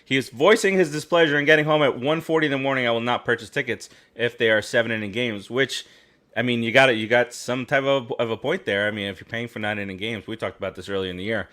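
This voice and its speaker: A man co-hosting a casual sports podcast, rambling and halting with many fillers and restarts. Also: mid-range voice, steady tone, fairly bright tone. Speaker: podcast co-host.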